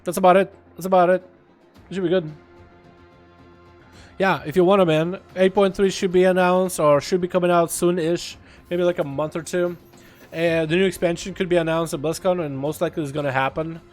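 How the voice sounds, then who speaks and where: A man's voice: sits high, fairly quick. Chatty male gamer streamer, faint music. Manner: chatty, reads and answers chat, bursts into loud excited outcries. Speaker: livestreamer playing a video game. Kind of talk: casual gaming livestream chat.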